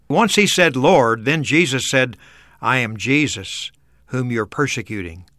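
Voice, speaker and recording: A man co-hosting a radio program, explaining a Bible passage in an earnest, measured teaching voice. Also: mid-range voice, sharp tone, dry recording, studio quality.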